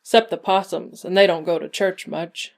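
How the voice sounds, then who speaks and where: A silky male devil, voiced by a woman reading aloud, drawls his threats with smug, teasing ease. His voice sits low and unhurried, every word coaxing. He sounds like he already owns the deal. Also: steady tone, natural voice. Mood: sly.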